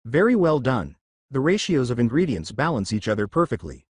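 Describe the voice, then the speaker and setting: A precise, emotionless young robot hero from a fan fiction story, speaking formally and clinically, voiced by a man. His delivery has lively pitch swings, and the recording is dry and close. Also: brisk, husky, no echo.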